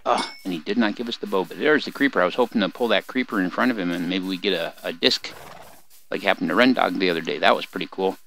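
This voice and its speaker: Gravelly older man narrating gameplay. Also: low voice, quick pace, fairly bright tone. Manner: rambling, folksy, chatting to his in-game animals. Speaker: let's play host. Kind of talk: casual gameplay commentary. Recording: noisy home recording with mouse clicks.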